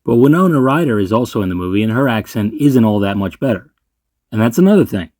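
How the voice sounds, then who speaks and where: A man's voice: lowish voice, lively intonation, fast talker, a little mellow, dry recording, studio quality. A man hosting his own movie ranking video, talking in a sarcastic, ranting way and swearing freely. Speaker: movie reviewer host. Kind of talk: ranking list commentary.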